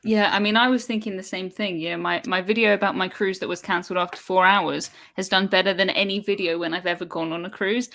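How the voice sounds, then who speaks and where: A woman's voice: medium pitch, fairly even intonation, fast talker, gravelly, few pauses, a bit bright. A British woman hosting a live stream over a video call, chatting casually and laughing often.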